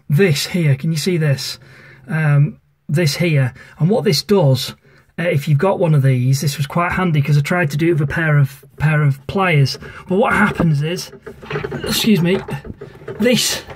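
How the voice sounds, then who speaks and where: A man's voice: fairly high pitch, a little hiss or hum. A man casually talking through a sink tap repair, rambling with many ums and self-corrections, filmed on a phone under a kitchen sink. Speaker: amateur DIY video maker. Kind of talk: casual how-to walkthrough.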